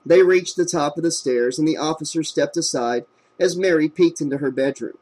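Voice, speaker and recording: A man narrating a horror novel in a steady, measured reading voice. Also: a little high. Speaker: audiobook narrator. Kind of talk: scripted narration.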